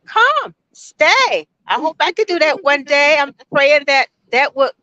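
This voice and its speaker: A woman in her sixties gives an emphatic, enthusiastic testimonial on a beach. Her voice is high and bright, and it swings widely in pitch. The recording is dull and lo-fi, with faint outdoor noise. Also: sing-song, a little slow, no room sound. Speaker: guest. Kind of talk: casual testimonial.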